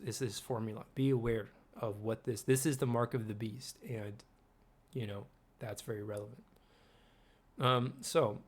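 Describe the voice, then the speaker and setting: Rambling male host, casual and chatty, keeps quizzing the listener, swears offhand, mid-pitched. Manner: rambling, asks the viewer questions, swears casually. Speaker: video host.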